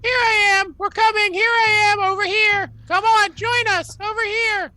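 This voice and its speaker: A man voicing a flock of excited, chattering crows in a tabletop game, with a shrill squawking chant. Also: moderate pace, heavily acted. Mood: frantic.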